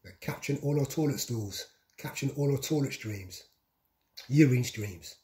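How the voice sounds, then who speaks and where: A man's voice: mid-range voice, moderate pace, dark tone. A man talking in a repetitive, insistent vlog monologue, piling up long lists. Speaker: vlogger. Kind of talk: monologue to camera.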